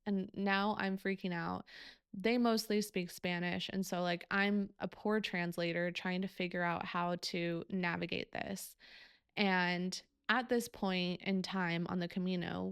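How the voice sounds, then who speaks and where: Candid young woman with gravelly voice. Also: fairly low pitch, dry recording, clean studio sound. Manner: candid, emotional, swears freely, many fillers. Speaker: podcast host. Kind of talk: personal storytelling.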